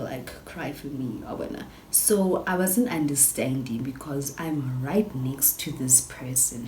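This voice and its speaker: A young South African woman with a South African accent, telling a storytime in a chatty, animated vlog style full of fillers and switches between English and Sesotho. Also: sits low. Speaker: YouTuber. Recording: echoey room with background noise.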